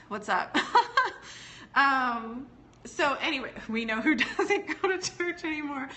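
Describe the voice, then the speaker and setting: A woman's voice: high-pitched, animated, takes it slowly, sharp tone. A woman teaching on a casual live stream. She talks in a chatty, digressive way, laughs often, and answers viewers' comments as they come in. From United States. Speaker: business educator hosting a live stream.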